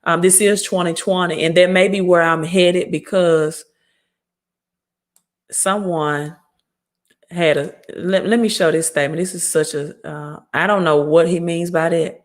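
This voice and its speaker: A woman's voice: fairly low pitch, steady tone, unhurried. Blunt Southern woman hosting a livestream. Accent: Southern US, Mississippi. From Mississippi. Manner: blunt, scolding, talks straight to viewers. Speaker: credit repair livestream host. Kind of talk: casual livestream talk reading viewer comments.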